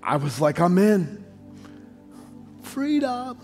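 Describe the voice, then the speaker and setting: Preaching in a large church hall, this American pastor has a high-sitting, darkish voice at a moderate pace. His stories come with joking asides and swell into sung emphasis, while faint music and long hall reverb color the audio.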